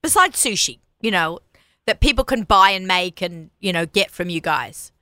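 A woman's voice: mid-range voice, expressive, moderate pace, bright, forceful tone, no echo, studio quality. A woman hosting a casual radio interview, chatty and bubbly, laughing often. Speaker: radio host.

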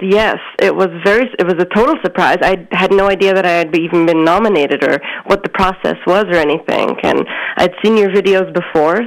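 A woman's voice: fairly low pitch, gravelly, rough recording. A woman from Montreal, a guest on an interview show, telling her story in a friendly, matter-of-fact way over the phone. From Montreal, Canada. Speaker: interview guest, local politician. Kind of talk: casual interview chat. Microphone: phone line.

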